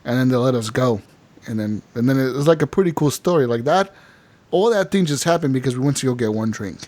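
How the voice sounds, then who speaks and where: A man's voice: medium pitch, fast talker. A young man co-hosting a casual gaming podcast, telling a story with lots of laughter and acting out the characters' lines. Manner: animated storyteller, acts out characters, laughs often. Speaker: podcast co-host.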